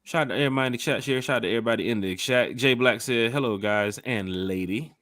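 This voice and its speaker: A man hosting a fan podcast, reading out the live chat with lively shout-outs. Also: medium pitch, fast talker, dry recording. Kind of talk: casual chat.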